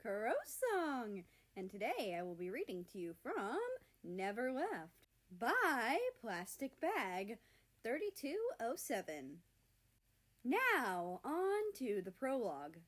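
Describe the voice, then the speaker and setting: A woman's voice: fairly high pitch, very animated, takes it slowly, fairly bright tone. Woman narrating a story aloud. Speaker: fan fiction reader.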